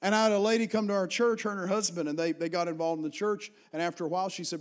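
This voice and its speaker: A middle-aged man with an Appalachian accent preaching a Pentecostal sermon, moving from hushed storytelling to loud, fervent calls to the congregation. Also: sits high, fairly even intonation, rapid-fire, hardly any pauses. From Virginia, Appalachian Mountains. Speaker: pastor.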